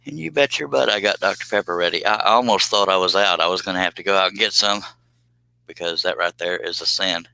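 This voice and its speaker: A man's voice: low voice, fast talker, gravelly, pushed and bright, smooth, low-quality recording. A middle-aged man chatting casually on a live stream, rambling in a folksy way and laughing often.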